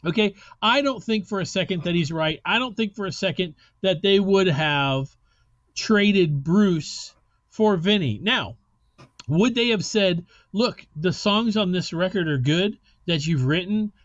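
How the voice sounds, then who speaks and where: A man's voice: high-pitched, lively intonation, unhurried, no echo, dull audio. A man hosting a rock podcast in loose, rambling casual chat, swearing now and then. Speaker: podcast host.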